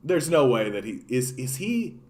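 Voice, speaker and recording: A man's voice: mid-range voice, big pitch swings, moderate pace, a little mellow. A man ranting about politics on a livestream, impassioned and full of swearing. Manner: impassioned, profane, repetitive. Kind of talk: unscripted political rant.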